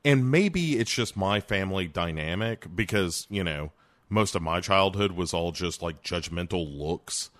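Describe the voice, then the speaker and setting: A man co-hosting a casual movie-review podcast, animated and profane, laughing often. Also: low-pitched, unhurried. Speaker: podcast co-host.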